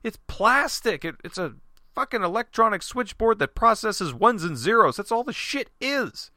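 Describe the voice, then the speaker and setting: A man's voice: high-pitched, sing-song, moderate pace, sharp tone, dry recording, studio quality. A man ranting angrily in a rambling, profane monologue, full of restarts and curses, as host of his own show.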